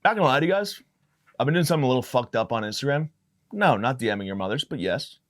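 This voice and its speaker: Young man, podcast host, comedic monologue, rambling, profane, jumps between tangents, average pitch. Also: lively intonation, quick pace, a bit bright.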